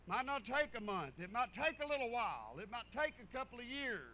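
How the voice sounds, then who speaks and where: A man's voice: very high voice, sing-song, fairly quick, bright, forceful tone, slight background noise. A man preaching a sermon, folksy and storytelling, repeating phrases for emphasis. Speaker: pastor.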